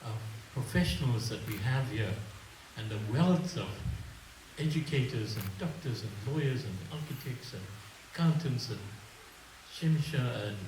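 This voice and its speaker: A man's voice: mid-range voice, expressive, normal speed, background noise. Older man telling stories at a reception. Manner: storytelling, humorous, reflective. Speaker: wedding reception speaker, family elder. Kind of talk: after-dinner speech with anecdotes. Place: reception hall. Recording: echoey hall, mic from far off.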